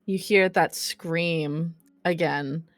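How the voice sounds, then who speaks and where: A woman narrating as game master of a tabletop role-play, deliberate and unhurried with occasional fillers. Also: deep voice, steady tone, soft background music.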